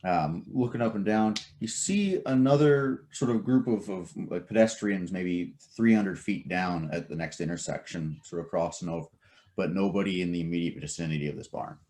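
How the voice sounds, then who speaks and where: A man narrating a tabletop game as game master, casual and halting with many fillers. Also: low-pitched, dark tone.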